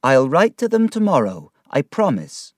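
Kind motherly maid in a storybook, voiced by a man; comforting, higher register, close dry read. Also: huge pitch swings, normal speed, no room sound. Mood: tender. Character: kind motherly servant woman. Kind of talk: storybook reading.

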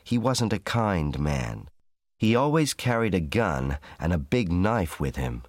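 A man reads a storybook slowly and clearly, as if for learners. His voice sits very low but moves with lively intonation, recorded dry and close. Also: no room sound. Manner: measured, clear reading for learners. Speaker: narrator. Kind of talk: slow, simple storybook narration.

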